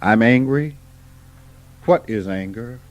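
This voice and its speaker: A man gives an informal spiritual talk. He is folksy and unhurried, and he asks questions and then answers them himself. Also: medium pitch. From Mississippi, USA. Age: 50s. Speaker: spiritual teacher. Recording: dull archival tape recording.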